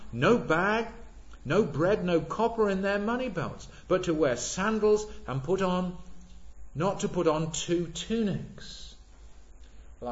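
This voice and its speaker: Forceful preacher in an echoey hall. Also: male voice. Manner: swells loud on key words, drops low and soft between. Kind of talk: sermon. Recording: echoey hall, dull lo-fi sound.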